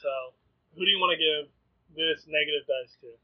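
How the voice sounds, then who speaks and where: A man's voice: on the high side, moderate pace. Joking man at a tabletop game, tinny audio. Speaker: player. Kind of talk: tabletop role-play, in and out of character. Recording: phone-like lo-fi audio.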